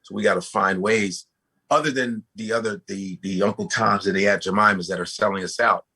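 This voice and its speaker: A comedian talking casually as a guest, animated and profane, often restarting his sentences. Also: fairly low pitch, a little fast, husky. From United States. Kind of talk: casual podcast conversation.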